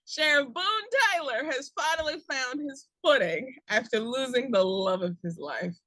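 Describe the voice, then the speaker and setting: A woman's voice: sits high, normal speed, a bit bright, no echo. A woman hosting a casual podcast chat about upcoming movies, reading summaries aloud with laughing asides. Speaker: podcast host.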